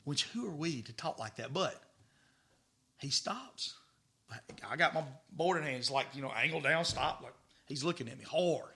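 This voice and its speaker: A middle-aged man, a podcast guest telling stories in a lively way, repeating words as he goes. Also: on the high side, normal speed, creaky. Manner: animated, stammering repeats, acts out dialogue. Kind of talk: casual storytelling.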